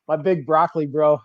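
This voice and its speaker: A man's voice: fairly high pitch, no room sound. A man, a bowling podcast guest, telling stories casually and animatedly, laughing often and repeating words as he goes. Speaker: guest bowler. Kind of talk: casual storytelling in a podcast interview. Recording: slightly dull, dry lo-fi audio.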